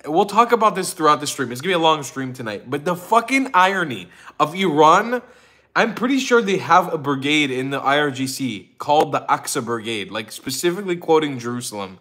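A man chatting on a casual livestream. His voice sits a little high, and he talks in an excitable, profane rush, breaking into laughter often. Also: brisk. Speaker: livestream host.

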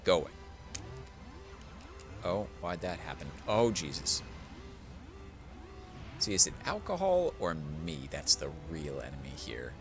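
Tipsy male gamer, low voice with wide swings, profane and rambling, over game music. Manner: profane, rambling, mock-dramatic pleading. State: tipsy from drinking. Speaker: let's play gamer. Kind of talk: casual let's play commentary. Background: video game music.

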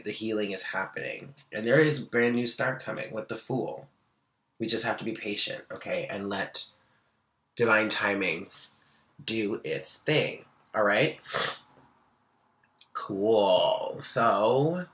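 Male tarot reader; eager, chatty daily reading; lowish, sharp tone. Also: unhurried. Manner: excitable, reads card texts aloud between eager asides.

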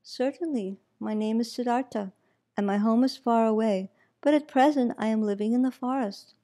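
A woman reading the part of a kind, gentle male hermit, speaking quietly and reassuringly. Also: a little high, moderate pace, lightly acted.

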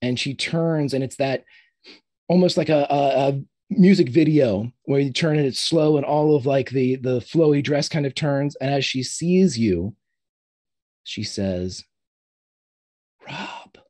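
Husky-voiced man running a tabletop game. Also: mid-range voice, normal speed. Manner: descriptive, relaxed, with fillers. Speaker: game master.

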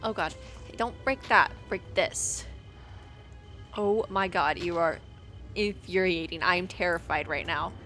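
A young woman giving excitable let's-play commentary, chatting to in-game animals and squealing when things go wrong. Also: lowish voice, a little slow, pauses often, soft background music. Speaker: gaming video creator.

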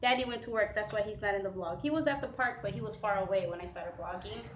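A woman's voice: mid-range voice, quick pace, highs cut off. A woman filming a casual family vlog at a park, chatting with her kids and laughing often as she narrates. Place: outdoors at a park and walking home. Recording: noisy outdoor camera recording. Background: outdoor ambience.

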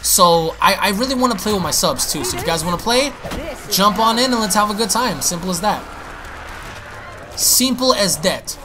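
A man giving excitable, profane live commentary while playing a zombie shooter, often repeating his words. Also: high-pitched, fairly quick, noisy background. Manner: excitable, swears, exclaims and repeats himself. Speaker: gaming YouTuber.

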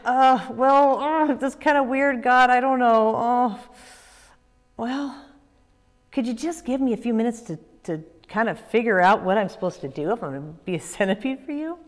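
A woman's voice: medium pitch, animated, unhurried, lightly acted. A woman voicing a nervous, hesitant man in a children's Bible story, stalling with lots of "uh"s. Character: nervous hesitant grown man, unsure and stammering. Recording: echoey room with long reverb.

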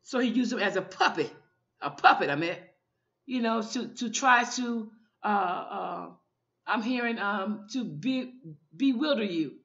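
A woman's voice: medium pitch, lively intonation, measured pace, a bit bright, dull audio. A woman minister giving an informal online sermon, fervent and often repeating her calls to the listener.

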